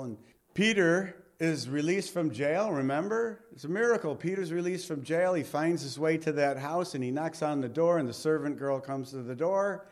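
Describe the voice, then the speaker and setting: A man giving a verse-by-verse Bible teaching, reading scripture aloud and then explaining it in lively, everyday speech, often dropping low and quiet to close a point. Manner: animated, reads scripture aloud then paraphrases it conversationally.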